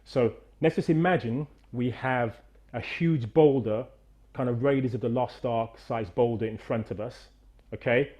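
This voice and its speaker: A middle-aged man coaching a movement demonstration over a video call, animated and encouraging, straining on repeated counts. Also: mid-range voice, measured pace, dull audio. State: out of breath after exercise. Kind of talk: energetic guided demonstration.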